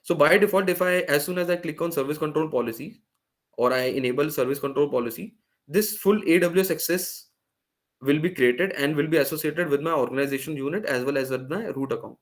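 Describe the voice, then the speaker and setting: A man's voice: on the high side, fairly quick. Man, online workshop presenter, step-by-step explanation, many fillers and restarts, video call. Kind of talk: live screen-share tech demo.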